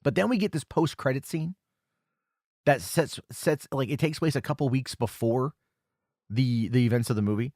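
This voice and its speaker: A man's voice: mid-range voice, normal speed, darkish tone, no room sound, studio quality. Rambling casual man recapping a film. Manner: rambling, self-correcting, lots of fillers. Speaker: podcast host reviewing a film.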